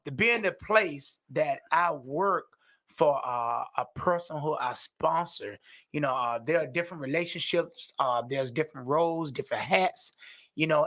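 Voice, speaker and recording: A man's voice: a little high, pushed and bright. A man talking earnestly and animatedly about recovery as a peer worker and sponsor, often saying "you know". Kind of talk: casual conversation.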